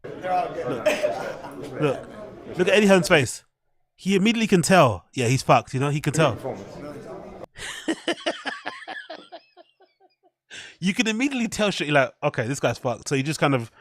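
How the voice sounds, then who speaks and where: A man's voice: a little high, big pitch swings, fast. A man, commenting to his chat on a live stream in a rambling, profane way.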